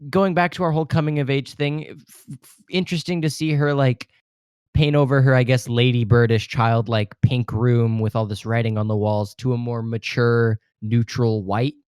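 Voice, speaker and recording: A man's voice: medium pitch, little pitch movement, normal speed, darkish tone, clean tone, no room sound, studio quality. A man co-hosting a film podcast, talking casually and earnestly, making his point through restarts and asides. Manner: earnest, argumentative, full of restarts. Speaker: podcast co-host.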